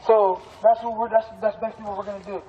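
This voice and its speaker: High-voiced man rallying a crowd outdoors. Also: little pitch movement, quick pace, a little hiss or hum. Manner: emphatic, streetwise, profane. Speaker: protest organizer. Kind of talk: addressing a crowd. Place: outdoors in a park. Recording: muffled street recording.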